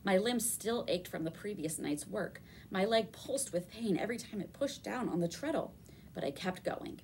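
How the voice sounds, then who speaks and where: A woman reading a children's novel aloud with expressive storytelling. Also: mid-range voice, normal speed, slight background noise. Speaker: reader.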